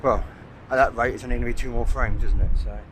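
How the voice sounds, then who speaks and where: A man's voice: mid-range voice, fairly even intonation, fast. Man rambling outdoors. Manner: rambling, thinking aloud with many "uh"s. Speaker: landscape photographer vlogger. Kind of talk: casual talk to camera while shooting. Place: outdoors on a coastal cliff at sunset. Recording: outdoor noise clearly heard behind.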